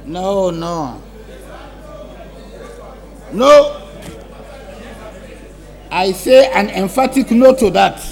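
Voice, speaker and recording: Man chairing a parliament debate, slow deliberate talk, raised pitch, firm and emphatic. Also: animated, vocal fry, crowd noise. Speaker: speaker of parliament. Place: parliament chamber.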